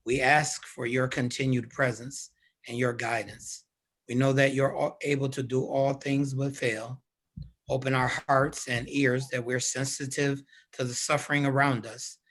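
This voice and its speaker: A pastor leading a closing benediction on a video call, praying in a measured, solemn cadence. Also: male voice, medium pitch, a bit bright. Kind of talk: prayer of benediction.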